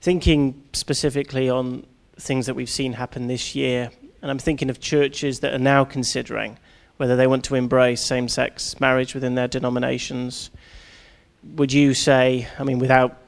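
Guy hosting, gravelly voice, pretty flat, asks careful searching questions, a bit hesitant. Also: medium pitch, moderate pace. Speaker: host. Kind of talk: interview question.

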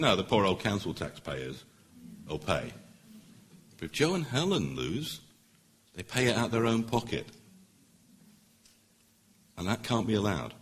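A middle-aged man, a barrister, giving an earnest, persuasive public speech at a meeting, pausing for emphasis. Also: deep voice, a bit bright.

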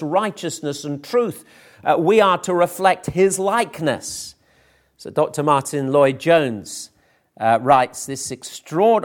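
A man preaching a sermon, working carefully through scripture passages. His voice sits slightly higher than most men's. He talks earnestly and often restarts a phrase before going on.

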